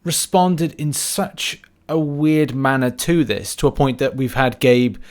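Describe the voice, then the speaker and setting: A man with a mid-pitched voice hosts a casual podcast. He talks in a relaxed, hesitant way and pauses on fillers as he sets up topics. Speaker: podcast host.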